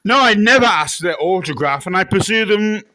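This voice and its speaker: High bright-voiced man, comic interviewee. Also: expressive, normal speed, dry recording, low-quality recording. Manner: bursts into loud shrieking impressions. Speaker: interviewee in a comedy sketch.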